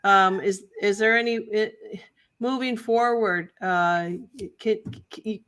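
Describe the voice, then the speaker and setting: A woman hosting a casual interview, asking questions haltingly. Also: mid-range voice, fairly bright tone, smooth. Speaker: host.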